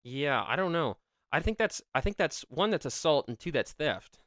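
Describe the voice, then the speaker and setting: A man's voice: fairly high pitch, big pitch swings, a bit bright, no echo, clean studio sound. A young man telling rambling stories about school pranks in casual chat, laughing between lines. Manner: rambling storyteller, quick laughs. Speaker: podcast co-host. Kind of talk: casual chat, reading advice aloud.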